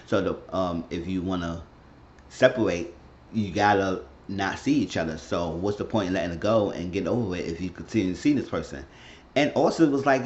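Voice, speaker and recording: A man's voice: on the low side, expressive, brisk, dull audio, slight background noise. A man casually recapping a reality show episode for his channel, rambling along and retelling scenes in quoted voices. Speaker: YouTube recap host.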